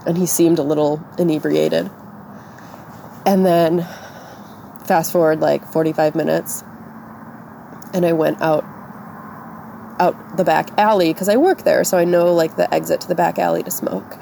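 Woman co-host, casual storyteller with a gravelly voice, faint hiss behind. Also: fairly low pitch, fairly even intonation, moderate pace, pauses often, mellow. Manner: tearful and shaken, voice breaking; casual, lots of "like". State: crying. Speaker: podcast co-host. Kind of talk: personal storytelling.

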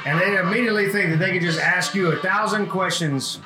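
A man with a high voice co-hosting a casual chat, chiming in eagerly. He sounds roomy and echoey, and music plays underneath. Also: fairly quick. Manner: chiming in, animated impressions.

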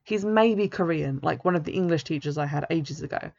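A woman's voice: low-pitched, fairly quick, vocal fry, a little mellow. A woman author reading her own novel aloud in the first person, in a plain and understated way. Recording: dull lo-fi recording.

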